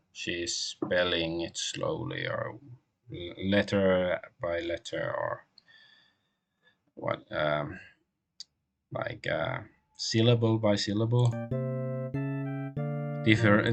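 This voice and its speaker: A man streaming a game, translating the on-screen text aloud as he goes, with frequent pauses and restarts. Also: low-pitched, gravelly. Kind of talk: live game stream commentary.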